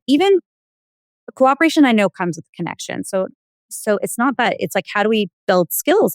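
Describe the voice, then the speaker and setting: A woman, a mother of four, talking as a guest in a halting, searching way, often restarting with "like". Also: fairly low pitch, gravelly, dry recording, studio quality. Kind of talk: conversational interview.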